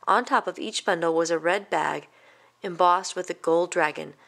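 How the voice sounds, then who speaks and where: A woman reading a children's picture book aloud in an even, gentle storytelling manner. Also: lowish voice, moderate pace, gravelly. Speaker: storybook reader.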